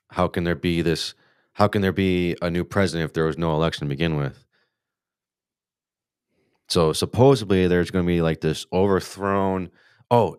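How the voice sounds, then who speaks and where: This low-pitched, smooth male voice comes through with clean studio sound and no room noise. An American podcast host, he runs a loose live show about hunting where he wanders off topic, swears a lot and keeps starting over.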